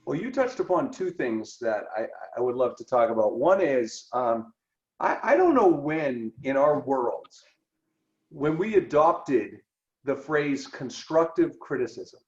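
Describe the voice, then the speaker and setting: A man co-hosting a podcast, talking through ideas in an animated way and acting out quoted dialogue. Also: mid-range voice, a little slow. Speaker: podcast co-host. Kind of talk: conversational podcast discussion. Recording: roomy, dull lo-fi sound.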